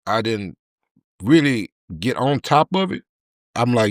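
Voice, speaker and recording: A man, a podcast guest telling a candid personal story in an emotional, halting way with many repeated words. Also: medium pitch, animated, no echo, clean studio sound.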